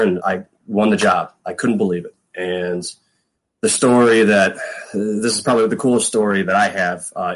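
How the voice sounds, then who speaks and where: A man's voice: sits low, rough recording. A middle-aged man, a former pro football punter, telling stories in a casual interview, rambling with lots of fillers and acting out quotes.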